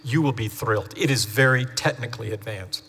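Bright-voiced pastor in a reverberant hall. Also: male voice, mid-range voice, fairly quick, slightly rough. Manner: chatty storytelling with lively acted-out quotes. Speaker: family pastor. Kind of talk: sermon. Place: church sanctuary. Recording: long hall reverb from a church sanctuary.

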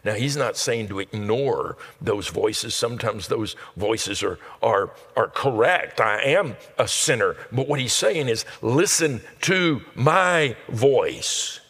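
A male pastor delivering a sermon in an earnest preaching manner that builds to loud, emphatic peaks. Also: on the low side, animated, a little slow, few pauses, slightly rough. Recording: long reverb of a large hall.

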